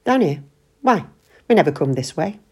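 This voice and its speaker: A woman's voice: low-pitched, sing-song, moderate pace, slightly rough, exaggerated voice. A woman voicing an impatient, sulky, sarcastic middle-aged husband who grumbles at his wife.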